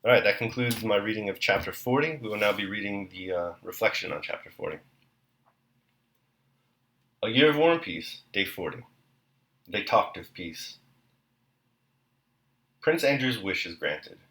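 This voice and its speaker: A man reading a novel aloud and then reflecting on the chapter, in a measured, even delivery. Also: on the low side, roomy sound, poor audio. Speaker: reader and commentator.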